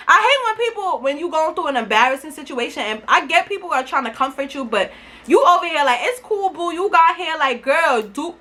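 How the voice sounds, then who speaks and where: A young woman tells a story in a high voice, animated and emphatic, swearing freely. Her tone is bright and sharp throughout, in casual storytime style. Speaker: vlogger.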